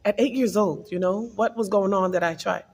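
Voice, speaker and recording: A woman speaks to her followers in a personal vlog, recounting a spiritual testimony with earnest feeling. Her voice is husky and a bit breathy, with a gravelly fry underneath. She sits at a middle pitch for a woman. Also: a little fast, a little mellow, long reverb tail. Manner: earnest, emotional storytelling. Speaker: vlogger.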